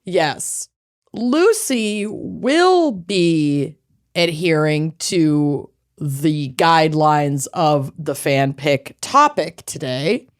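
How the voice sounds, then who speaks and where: Slow-talking playful woman podcast host. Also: low voice. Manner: playful, animated, drawn-out emphasis. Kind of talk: casual chat.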